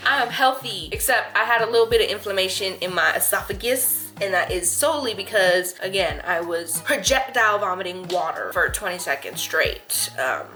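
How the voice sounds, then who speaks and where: A woman's voice: lowish voice, lively intonation, normal speed, hardly any pauses, pushed and bright, faint music behind. A young adult woman chatting candidly to camera as a vlogger, laughing often. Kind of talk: casual chat to camera.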